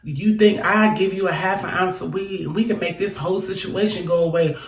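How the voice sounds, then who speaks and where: A woman's voice: fairly low pitch, a little fast, distant mic, close to an everyday voice. A young woman imitating a shady, sweet-talking man who keeps coaxing her, in an echoey room. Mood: scheming.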